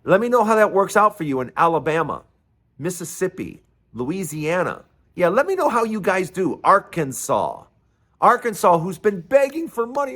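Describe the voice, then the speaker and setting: A man's voice: high-pitched, very animated, normal speed, a bit bright. A man hosting his own show in an angry, sarcastic political rant, sometimes mocking others in put-on voices. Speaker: host.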